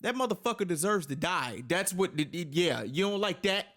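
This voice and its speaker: A man, reacting to a video in casual, exasperated bursts. His pitch leaps around wildly, from low mutters to sudden high, disbelieving yelps. He swears freely and sounds openly incredulous. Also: animated, moderate pace, fairly bright tone. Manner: exasperated, profane, incredulous outbursts.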